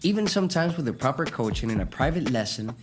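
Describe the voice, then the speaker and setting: Casting: male singing coach, lively pitch, music running behind. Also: quick pace. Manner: explanatory, demonstrates with voice. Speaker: vocal coach. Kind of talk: singing lesson.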